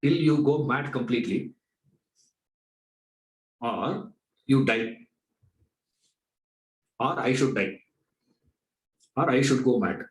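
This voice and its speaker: A man's voice: mid-range voice, slow, pauses often, roomy sound, poor audio. A man teaching a spiritual class, talking in a conversational way, asking rhetorical questions and acting out little dialogues. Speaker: Vedanta teacher. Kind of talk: spiritual discourse lecture.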